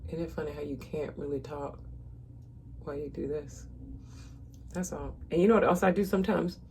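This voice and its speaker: A chatty woman in her thirties talks straight to the camera as she does her makeup, calling viewers "y'all" in a loose, easygoing way. Her voice sits on the low side, and faint room noise hums behind her. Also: steady tone, moderate pace, a little mellow. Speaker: makeup vlogger. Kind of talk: casual makeup tutorial chat.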